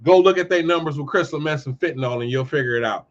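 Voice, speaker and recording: Male commentary host, high-pitched, ranting casually, swings between shouting and muttering; muffled lo-fi recording. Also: fast. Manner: heated, ranting, swings from loud outbursts to low muttering. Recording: dull lo-fi audio.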